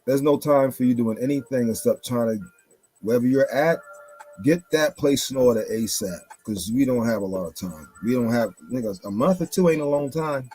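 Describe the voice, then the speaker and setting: Male host, mid-pitched husky voice, emphatic profane rant, soft music bed. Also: lively intonation, normal speed, no room sound. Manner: emphatic and blunt, swears, repeats for stress. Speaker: commentary show host. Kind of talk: casual monologue.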